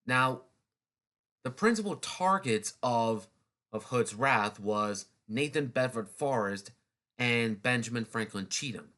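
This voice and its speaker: Man, casual history narration, mid-pitched voice, restarts, wry asides. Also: fairly bright tone. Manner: loose and chatty, with many restarts and snarky asides. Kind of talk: casual unscripted history talk.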